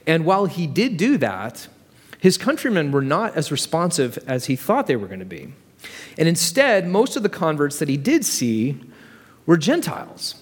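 A male pastor giving a conversational sermon full of vivid storytelling. His pitch moves a lot and sits a bit high. The hall adds a long reverb. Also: very animated, moderate pace, husky.

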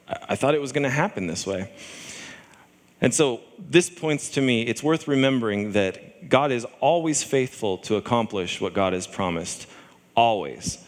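A man's voice: mid-range voice, in a large hall. A man preaching a sermon in a conversational way, often acting out the voices of people in scripture.

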